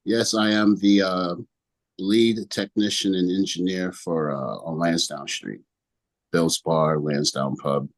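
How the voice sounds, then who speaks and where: A man's voice: low-pitched, fairly even intonation, slow pace. A young man testifying at a hearing over a video call, rambling through his story and acting out what others said. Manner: rambling storyteller, acts out quotes in other voices. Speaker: witness at a licensing hearing.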